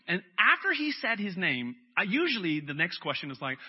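A man preaching a sermon as a pastor, telling stories in a relaxed conversational way with lots of fillers. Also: a little high, fast talker, slightly rough. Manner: conversational storytelling with frequent fillers. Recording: dull lo-fi sound with faint music.

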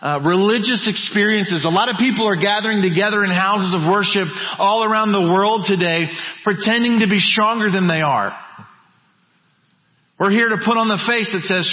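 A man preaching a sermon as pastor, emphatic, dropping to low quiet phrases and building back up. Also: normal speed. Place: church sanctuary. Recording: muffled church recording with long reverb.

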